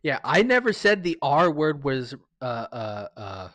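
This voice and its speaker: A man's voice: mid-range voice, sing-song, measured pace, fairly bright tone, dry recording. Rambling, sentimental male streamer, dry sound. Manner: rambling, chatty, stumbles and restarts often; sentimental, jokey, thanks viewers often. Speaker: livestreamer. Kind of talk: casual live-stream chat with viewers.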